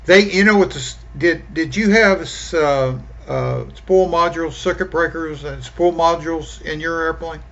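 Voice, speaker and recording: Bright-voiced man, dull remote audio. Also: fairly high pitch, normal speed, hardly any pauses. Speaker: podcast guest. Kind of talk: casual chat.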